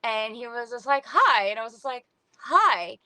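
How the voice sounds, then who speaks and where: A woman's voice: a little high, fairly even intonation, fast talker, fairly bright tone, clear, resonant tone, no echo. Chatty middle-aged woman, dry sound. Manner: chatty, lots of "like", acts out quotes. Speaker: podcast guest, book influencer. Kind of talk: casual storytelling chat.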